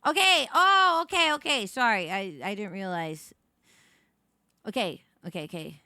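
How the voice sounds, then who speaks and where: A young woman streaming live, chatting casually to her viewers, rambling and swearing with quick restarts. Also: medium pitch, lively intonation, bright, forceful tone, dry recording, studio quality.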